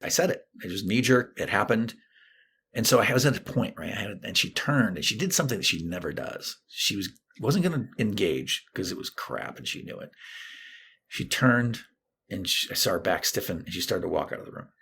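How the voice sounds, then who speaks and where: A man's voice: lowish voice, brisk, vocal fry, a little hiss or hum. A middle-aged man, a therapist and guest on a podcast, telling a personal story and acting out what people said. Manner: animated storytelling, acting out quoted lines.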